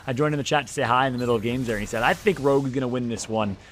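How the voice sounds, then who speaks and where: A man's voice: mid-range voice, rapid-fire. A man with a Midwestern American accent doing chatty, joking color commentary on an esports match. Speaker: esports analyst and co-caster.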